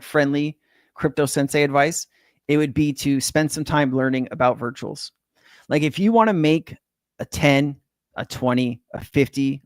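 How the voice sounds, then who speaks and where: Speaking in a medium-pitched voice with clean, echo-free studio audio, this middle-aged man from California runs a crypto livestream from home in Hawaii. He reads comments from viewers and chats easygoingly, swearing freely and tossing around slang like "man" and "bro."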